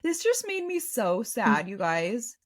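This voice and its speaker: Animated woman reading a book recap. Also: fairly high pitch, slow pace. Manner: animated, swings between reading and excited reactions. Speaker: podcast host.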